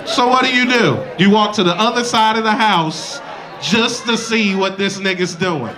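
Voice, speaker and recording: Male stand-up comic, high-pitched, animated delivery, live club mic with a laughing crowd. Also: normal speed, noisy background. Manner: loud, animated, swings into mocking voices. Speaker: stand-up comedian. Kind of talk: stand-up comedy set. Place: comedy club stage with live audience.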